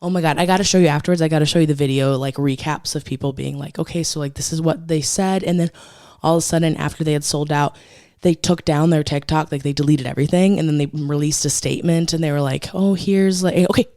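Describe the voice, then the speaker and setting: A woman's voice: low voice, fairly even intonation, fast talker, mellow, no echo, clean studio sound. A woman co-hosting a podcast, telling a story in a chatty, gossipy way and swearing freely as she talks. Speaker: podcast co-host. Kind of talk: casual chat.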